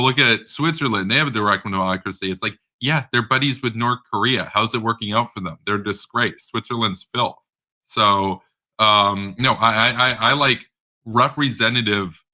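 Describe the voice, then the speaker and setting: Male commentator with a low, piercingly bright voice; blunt, sarcastic, stumbling off-the-cuff rant. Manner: rambling, with frequent fillers and stammered repeats. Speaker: political commentator. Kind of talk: casual unscripted political rant.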